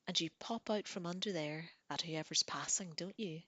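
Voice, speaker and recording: A woman's voice: on the low side, normal speed, a bit bright, no room sound, highs cut off. A woman voicing a playful, confident young woman who talks in a coaxing, teasing way, as in an audiobook reading.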